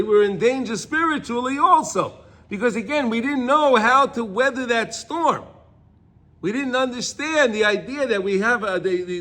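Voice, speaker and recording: A man teaching a Torah class, reading Hebrew lines and explaining them in English with many restarts, sometimes crying out loudly. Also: very high voice. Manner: animated, cries out loudly when acting out a prayer.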